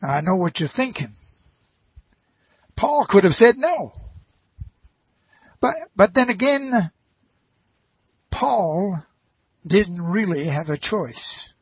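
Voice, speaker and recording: A man delivers a folksy sermon in a husky, fairly high voice, taking his time with long, drawn-out phrases. He drops homespun asides between points. The sound is dry and a bit muffled. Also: sing-song, no room sound. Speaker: preacher.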